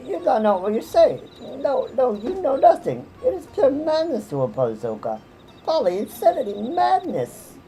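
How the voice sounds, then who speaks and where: A woman's voice: high voice, huge pitch swings, normal speed, mellow, exaggerated voice, poor audio. A woman voicing a frantic, cowering male kobold in a game who whines and piles up words in fear. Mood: panicky. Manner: panicky, piles up synonyms, whiny.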